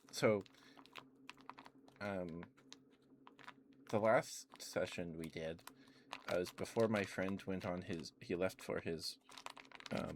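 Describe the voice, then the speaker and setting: A young man rambling through relaxed ASMR chat on a stream, with lots of filler words, at a close mic. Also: low voice, a little hiss or hum. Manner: rambling, meandering, full of "like" and "um" fillers. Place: home streaming setup.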